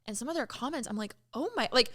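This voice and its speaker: A woman co-hosting a podcast, chatting casually with lots of fillers and expressive asides. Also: a little high. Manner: fast, filler-heavy, expressive. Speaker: podcast co-host.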